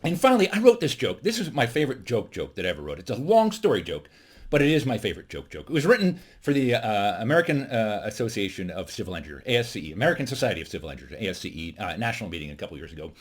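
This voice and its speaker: Guy telling nerdy jokes from home, husky voice, swings way up and down, talks fast, cracks himself up. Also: on the low side. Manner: animated, laughs at own jokes, many fillers. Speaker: comedian, host of the segment. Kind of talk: casual joke telling to camera.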